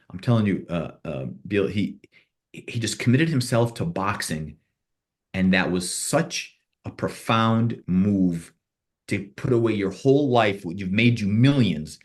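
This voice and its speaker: This lowish-voiced man is interviewed on a podcast in the role of a boxing manager. His stories wander, he keeps starting over, and he acts out conversations in quotes.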